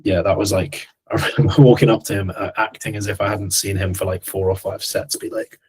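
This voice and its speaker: A man's voice: deep voice, level tone, a little fast, darkish tone, slightly rough. A young man co-hosting a casual podcast, telling gym stories with laughs and casual swearing. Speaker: podcast co-host, coach.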